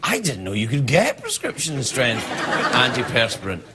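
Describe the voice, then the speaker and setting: A male late-night host with a very lively, bouncing delivery. He rambles from joke to joke and slips into silly voices. A loud studio audience and heavy noise sit behind him. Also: medium pitch, moderate pace, over a noisy crowd. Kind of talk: late-night comedy monologue.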